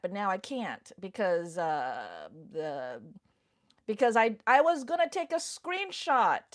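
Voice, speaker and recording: Giggly, nervous woman livestreaming. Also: on the high side. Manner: giggly and nervous, whispers to herself. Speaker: livestream host. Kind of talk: casual livestream chat. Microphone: phone mic.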